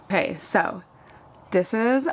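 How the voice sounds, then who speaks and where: She takes it slowly, her voice at medium pitch. A young woman from the US East Coast, she's vlogging a casual get-ready-with-me chat while doing her makeup at home, chatty and full of "like," with animated retellings of small moments.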